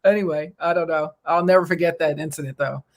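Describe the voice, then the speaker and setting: A middle-aged woman from the New York area hosting a talk show, telling stories in a lively, animated way. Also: low voice, fast talker. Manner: animated storyteller who acts out quoted voices. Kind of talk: casual chat, storytelling.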